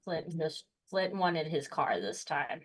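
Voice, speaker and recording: A woman's voice: deep voice, animated, slow, breathy edge, low-quality recording. A woman playing a tabletop game, describing her character's moves in a gleeful, rambling way. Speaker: player.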